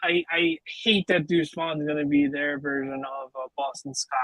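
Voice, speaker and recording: A man co-hosting a podcast, joking and reacting quickly during casual football chat. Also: a little high, wildly swooping pitch, creaky, a bit bright, dry recording, rough recording. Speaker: podcast co-host.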